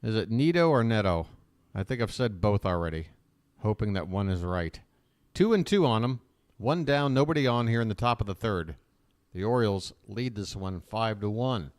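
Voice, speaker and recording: Low-voiced chatty baseball play-by-play man. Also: expressive, normal speed, darkish tone, dry recording, studio quality. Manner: chatty, opinionated asides between pitches. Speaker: fan play-by-play commentator.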